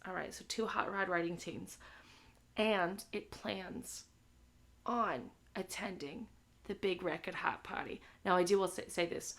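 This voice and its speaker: Her voice is lowish with a fairly bright tone as she hosts a movie livestream. The young woman keeps the chat crude and casual, punctuating her lines with "all right?"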